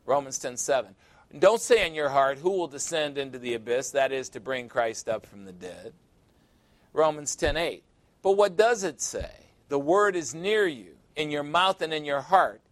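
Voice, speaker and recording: A man's voice: fairly high pitch, big pitch swings, moderate pace, dry recording. Man preaching verse by verse, dry close sound. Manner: conversational and teasing, asks the listeners questions. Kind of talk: sermon, verse-by-verse Bible teaching.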